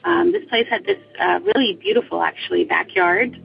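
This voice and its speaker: Recounting a ghost story that happened to her, a young adult woman speaks briskly and very animatedly in a lowish, creaky voice, though she hesitates with lots of ums and restarts. The slightly dull recording has faint music and a little hiss or hum.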